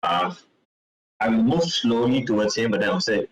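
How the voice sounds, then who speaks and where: A man playing in a tabletop game, speaking slowly and deliberately in character. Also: mid-range voice, lively intonation, slight background noise, rough recording. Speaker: player. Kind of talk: tabletop role-play.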